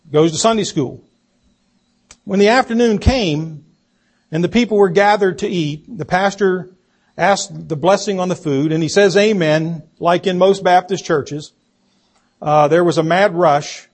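Preacher guy, husky, slow, tells a church story from the pulpit. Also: on the high side, a little mellow. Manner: storytelling preacher, slow and deliberate, acts out quotes. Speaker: pastor. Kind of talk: sermon.

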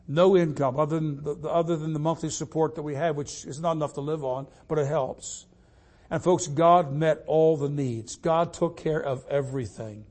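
An older man preaching a sermon, reading scripture fervently and loudly, then telling personal stories more quietly. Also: on the high side, steady tone, moderate pace. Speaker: traveling preacher.

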